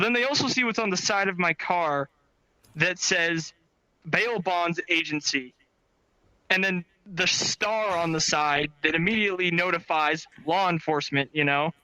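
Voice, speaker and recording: A man with a high, very bright voice tells a casual story about his work. He is animated and swears freely. His voice is recorded dry and close, with no room sound. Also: smooth, no echo, rough recording. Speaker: storyteller recounting bail bond work. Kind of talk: casual anecdote.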